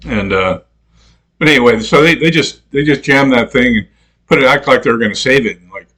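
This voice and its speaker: A man's voice: medium pitch, fairly quick, fairly bright tone. A man telling stories in a casual rant, rambling, swearing freely and laughing at his own jokes. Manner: mimics other people in quoted voices. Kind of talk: casual profane storytelling rant.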